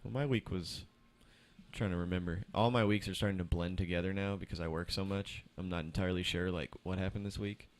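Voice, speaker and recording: Young male co-host, low-ish voice, animated storyteller who acts out quotes and curses casually. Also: brisk. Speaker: podcast co-host. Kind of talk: casual chat among friends.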